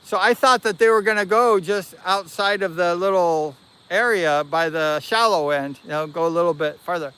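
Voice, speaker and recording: A man hosting a livestream, casually telling a long personal story in an animated, rambling way and correcting himself as he goes. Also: high-pitched, moderate pace, clear, resonant tone. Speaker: livestream host.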